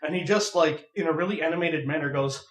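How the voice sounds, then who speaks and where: A young man casually telling a funny story on a podcast, animated and laughing as he goes. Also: on the high side, fast talker. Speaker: podcast co-host. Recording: echoey room, far from mic.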